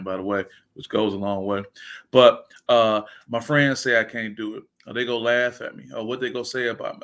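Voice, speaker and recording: A man in his forties delivers a motivational talk as a sports coach, with a bright and forceful tone. He speaks in an energetic, preacher-like way and often reads viewer comments aloud. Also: medium pitch, moderate pace. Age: 40s.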